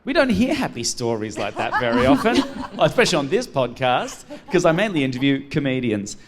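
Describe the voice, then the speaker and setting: A man's voice: medium pitch, big pitch swings, a little fast, a crowd in the background. Camp, theatrical man hosting live. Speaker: podcast host. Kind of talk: live podcast chat. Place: theatre stage before a live audience.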